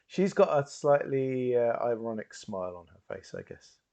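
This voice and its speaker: A man's voice: medium pitch, very animated, moderate pace, vocal fry, a little mellow, lo-fi sound. A man narrating a tabletop role-playing game as game master, hesitant with fillers.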